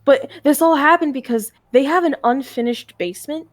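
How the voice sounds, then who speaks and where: A woman's voice: high voice, moderate pace. A young woman chatting casually on a game stream, telling a long story in a rambling way and swearing often. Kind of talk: casual chat.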